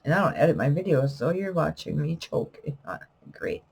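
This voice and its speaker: This middle-aged woman's low, sing-song voice is creaky, darkish and slightly rough, moving at a normal speed over poor audio. As a vlogger and self-published poet talking casually to camera unedited, she rambles, tails off with fillers, corrects herself, and wheezes and coughs a bit.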